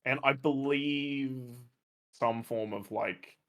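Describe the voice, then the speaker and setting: A man's voice: medium pitch, slow, a bit bright. A man playing a tabletop role-playing game, talking casually and hesitating as he searches for words. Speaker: player.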